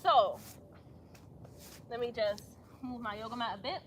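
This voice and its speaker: A young woman leading a casual yoga class outdoors, chatty and talking herself up out loud as she tries a backbend. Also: on the high side, unhurried, a little hiss or hum. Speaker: yoga instructor.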